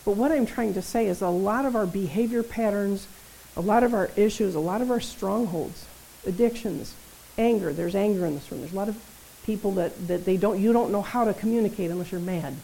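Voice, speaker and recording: This is a woman delivering a sermon in a relaxed, conversational style, often turning to her listeners with quick questions. Her voice is mellow and warm rather than bright. A faint hiss runs under the recording. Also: medium pitch, vocal fry, low-quality recording. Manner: conversational, animated, tag questions. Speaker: preacher.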